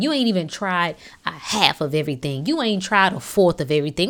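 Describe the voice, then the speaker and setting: A woman's voice: fairly low pitch, animated, fairly quick, hardly any pauses. Slangy woman hosting a motivational podcast. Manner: preachy, rhetorical questions, slangy. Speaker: podcast host. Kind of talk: casual motivational podcast talk.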